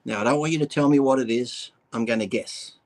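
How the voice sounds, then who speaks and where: A man's voice: mid-range voice, fast, darkish tone, low-quality recording. Blunt man telling crude stories. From Australia. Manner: blunt storyteller, crude jokes. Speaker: bodybuilder co-host. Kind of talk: casual crude chat.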